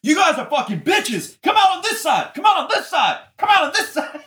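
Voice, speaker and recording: A man acting out an angry young bar patron shouting about his stolen beer, in a high, strained voice. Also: sing-song, a little fast, roomy sound, exaggerated voice. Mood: yelling.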